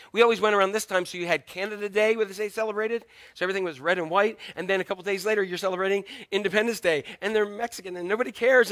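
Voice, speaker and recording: A middle-aged man pastor giving a sermon, telling family stories with humor in an animated way. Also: high-pitched, dry recording.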